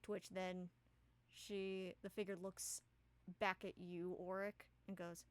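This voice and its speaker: A woman's voice: fairly low pitch, flat delivery, slow, clean tone. A woman narrating as game master of a tabletop game, casual and full of fillers.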